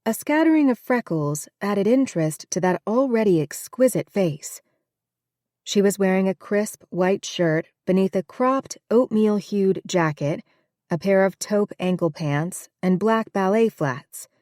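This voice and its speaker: A woman narrating an audiobook with a steady, even reading. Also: mid-range voice, a little slow, no echo, clean studio sound. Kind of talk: scripted narration.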